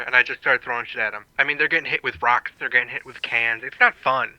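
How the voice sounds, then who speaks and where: A man's voice: medium pitch, steady tone, fast talker, few pauses, bright, forceful tone, no room sound, lo-fi sound. A man playing a tabletop game, brash and profane. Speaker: player. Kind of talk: tabletop role-play.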